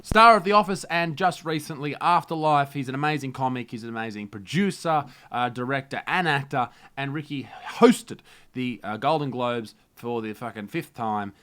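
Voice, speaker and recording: Australian male comedy host, mock-news rant, brash and crude, bright tense tone. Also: medium pitch. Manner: loud, brash and crude ranting.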